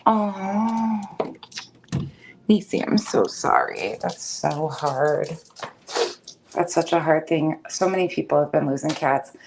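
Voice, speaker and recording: Low-pitched lady rambling bout her cats at home, blunt, swears a lot, bit of hiss behind. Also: animated, takes it slowly, vocal fry, long pauses. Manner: chatty, blunt, swears freely. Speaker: cat owner vlogger. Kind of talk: casual chat to camera. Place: home, indoors.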